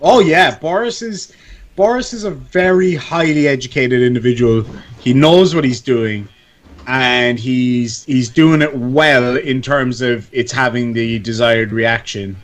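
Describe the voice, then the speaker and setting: A man's voice: medium pitch, unhurried. A man in casual chat on a live stream, talking in a rambling way and often breaking off mid-sentence. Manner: rambling, self-interrupting.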